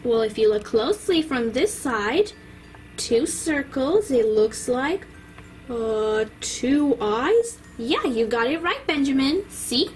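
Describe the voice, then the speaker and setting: A woman's voice: sits high, expressive, slow, a little hiss or hum. A woman voicing an encouraging art teacher praising toddlers in a toy-doll play video. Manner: coaxing, praising.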